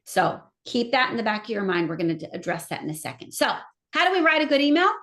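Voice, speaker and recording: A woman's voice: medium pitch, fast. A middle-aged woman giving an enthusiastic seminar talk on marketing, speaking straight to her audience. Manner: enthusiastic, animated, addresses audience directly. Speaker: marketing trainer. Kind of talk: live seminar presentation.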